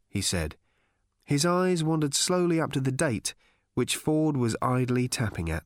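A man narrating an audiobook in a measured, deadpan storytelling manner. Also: mid-range voice, no echo, studio quality.

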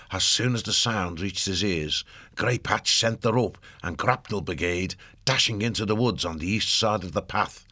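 Male audiobook narrator, very low voice, dry close sound, steady and measured. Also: no echo.

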